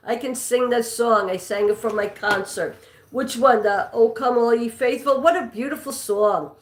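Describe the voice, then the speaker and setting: A woman's voice: fairly high pitch, normal speed, fairly bright tone, slight background noise. A woman with a New York accent hosting a live trivia stream, chatting with viewers and reading their comments aloud. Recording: echoey room.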